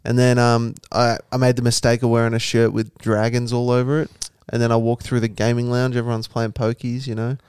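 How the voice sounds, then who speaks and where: A man's voice: mid-range voice, flat delivery, fairly quick, hardly any pauses, a little mellow, clear, resonant tone, no room sound, clean studio sound. A young Australian man co-hosting a podcast, telling stories in loose, sweary casual chat. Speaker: podcast co-host.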